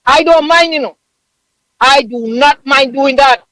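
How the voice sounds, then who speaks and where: A man's voice: very high voice, unhurried, sharp tone, no room sound, poor audio. A man, calling in from abroad to a talk radio show, emotional and preaching with emphatic repetition. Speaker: caller living abroad. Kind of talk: impassioned call-in rant.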